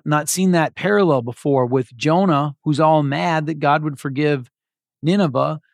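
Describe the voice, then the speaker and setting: A man's voice: a little high, gravelly, no room sound, studio quality. A man preaching a sermon as a pastor, earnest and conversational with casual asides.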